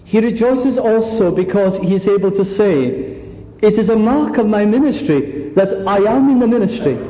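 A man preaching a sermon, earnest and full of rhetorical questions, pausing to act out the people he quotes. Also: sits high. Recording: echoey hall, dull lo-fi sound.

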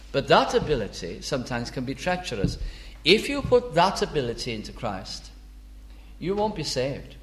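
A man's voice: a little high, fairly bright tone, reverberant. A man preaching a sermon, earnest and emphatic, lifting his voice to stress key words.

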